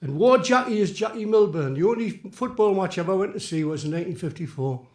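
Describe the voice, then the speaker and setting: A man in his eighties with a Geordie accent softened by years in London, chatting and telling self-mocking jokes between songs as a folk singer on a small theatre stage. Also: high-pitched, animated, quick pace. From Tyneside, England. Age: 80s. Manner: chatty, rambling, self-mocking joke teller. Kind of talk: live folk club patter between songs. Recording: roomy live theatre sound.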